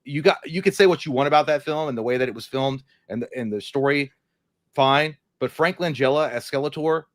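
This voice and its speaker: A middle-aged man co-hosting a live movie stream, talking casually with lots of swearing and bursts of animated emphasis. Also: medium pitch, a little fast, dry recording, studio quality. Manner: profane, animated, puts on silly voices. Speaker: co-host.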